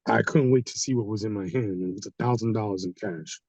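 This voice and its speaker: Animated male storyteller, dark timbre, dry and slightly dull recording. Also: lowish voice, fast talker, no room sound. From Haitian community. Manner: animated, acts out quoted people. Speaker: guest storyteller. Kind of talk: casual storytelling. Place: studio.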